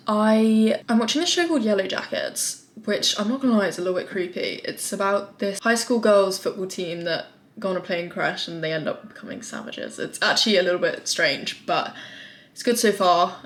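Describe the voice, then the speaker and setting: A woman's voice: medium pitch, expressive, moderate pace. A young woman, talking casually and frankly to camera in a rambling vlog. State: out of breath. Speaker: vlogger. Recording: echoey room.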